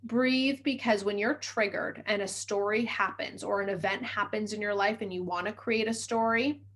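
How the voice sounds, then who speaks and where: A woman hosts a self-help podcast as a mindset coach. She talks quickly in an upbeat, encouraging way, walking listeners through steps. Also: medium pitch, fairly even intonation, a bit bright.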